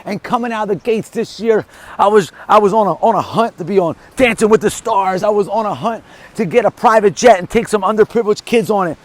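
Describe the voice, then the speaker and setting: A middle-aged man giving an energetic, emphatic motivational monologue, telling a short story in a casual vlog. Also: sits high, fairly quick. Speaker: motivational vlogger.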